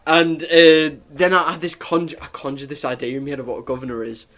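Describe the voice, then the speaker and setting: High-voiced young Sunderland man, rambling. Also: flat delivery, fairly quick, a bit bright. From Sunderland, England. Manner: rambling storyteller, swears freely, laughs often. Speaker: podcast host. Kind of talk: casual chat.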